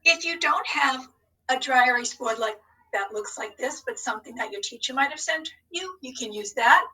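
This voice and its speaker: A woman's voice: high voice, lively intonation, bright, forceful tone, recorded from a distance, poor audio. A woman teacher giving a recorded spelling lesson to young students in an upbeat, encouraging way. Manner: upbeat, encouraging, slow and deliberate.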